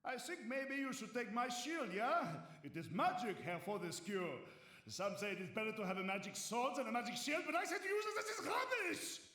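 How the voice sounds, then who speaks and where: Sturmgard, pompous German shield-master. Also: male voice, very high-pitched, expressive, a little fast, sharp tone, exaggerated voice. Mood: boastful. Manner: pompous, emphatic lecturing. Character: boastful German shield-master man, middle-aged. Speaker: game character. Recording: game audio, echoey and distant, faint hiss.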